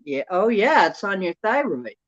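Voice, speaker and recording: A woman's voice: normal speed, dry recording. A woman hosting a casual chat, telling stories and acting out quoted dialogue with her voice jumping up. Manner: animated, acts out quoted dialogue with rising pitch. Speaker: host. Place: outdoors at night. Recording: dull lo-fi sound.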